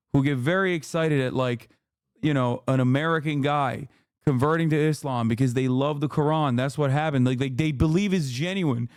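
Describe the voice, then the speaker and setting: A man's voice: medium pitch, dry recording, clean studio sound. A man in his thirties ranting angrily and profanely while reacting on a livestream. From Turkey. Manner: angry, profane, emphatic. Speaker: streamer reacting to videos. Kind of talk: heated livestream rant.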